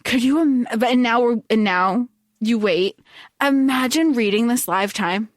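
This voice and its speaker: A woman's voice: on the high side, normal speed, no room sound, studio quality. A woman co-hosting a podcast, recapping a fantasy novel in casual chat and acting out the characters' lines. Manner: animated, acts out character lines, swears. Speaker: podcast co-host.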